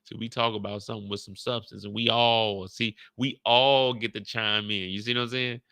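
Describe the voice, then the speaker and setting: Casting: slangy laid-back male host, gravel in the voice, dry close sound. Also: fairly low pitch, little pitch movement, normal speed, bright, forceful tone, dry recording. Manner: laid-back, slangy, repeats his points. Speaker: YouTube show host. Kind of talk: casual recap chat.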